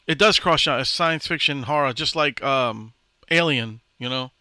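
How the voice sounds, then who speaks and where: Guy cohost, super bright sharp voice, swears a lot, dry sound. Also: mid-range voice, unhurried, no room sound. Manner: swears freely, laughs often, blunt. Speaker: podcast co-host. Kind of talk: casual crude banter.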